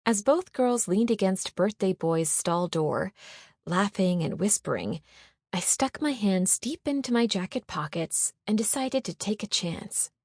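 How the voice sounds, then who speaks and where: A woman narrating a first-person audiobook in a measured, even storytelling manner. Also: medium pitch, no echo, clean studio sound.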